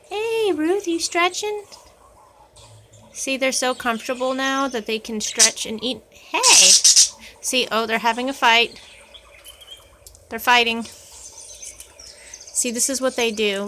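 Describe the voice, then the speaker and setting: A woman's voice: a little high, very noisy. A woman filming her pet birds at home, cooing to them in sing-song baby talk. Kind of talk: casual home video, talking to pet birds.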